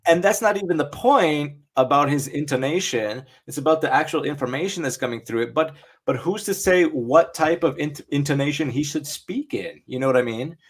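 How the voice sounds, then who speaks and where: A man's voice: a little high, moderate pace, few pauses. A man co-hosting a podcast in casual chat, reasoning aloud and asking "right?" and "you know what I mean?". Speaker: podcast co-host.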